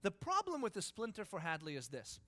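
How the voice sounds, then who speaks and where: A man in his thirties preaching, telling a family story with lively acted-out voices and frequent laughs. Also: high voice, fairly quick. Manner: animated, acts out voices, laughs often. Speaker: pastor. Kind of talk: sermon storytelling.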